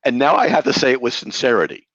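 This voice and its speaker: A man's voice: mid-range voice, expressive, fast talker, fairly bright tone, husky, no room sound. A man debating, interrupting and firing back sarcastic, incredulous questions. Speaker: debater defending a belief. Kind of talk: heated live debate. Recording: dull, dry lo-fi sound.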